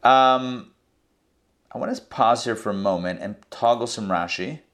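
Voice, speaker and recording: A man teaching a scripture lesson verse by verse, in a conversational way with quick asides and restarts. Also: mid-range voice, a bit bright. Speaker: Torah teacher. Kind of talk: casual verse-by-verse Bible lesson.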